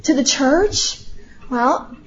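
Earnest high-voiced woman preaching. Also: expressive, drawn-out words, dull audio. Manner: earnest, conversational, with rhetorical questions. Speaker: speaker at a church gathering. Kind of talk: prayer and Bible teaching talk.

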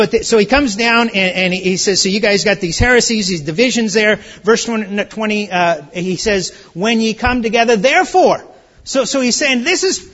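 A man preaching a conversational verse-by-verse sermon, dropping soft and low, then rising to loud, high exclamations. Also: dull audio. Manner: conversational, with restarts and asides. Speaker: pastor. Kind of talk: expository sermon.

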